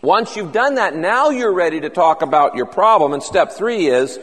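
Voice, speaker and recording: A man with a high voice preaches a sermon in an earnest, conversational way. His voice carries a long reverb from a large church auditorium. He moves easily between teaching and quoting prayers aloud. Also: lively intonation, moderate pace, a bit bright. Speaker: pastor.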